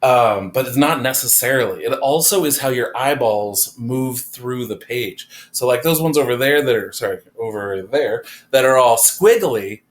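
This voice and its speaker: A man's voice: medium pitch, animated, moderate pace, few pauses. A man teaching an art class, explaining design principles in a casual, conversational way with fillers, recorded in a classroom. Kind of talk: classroom lecture.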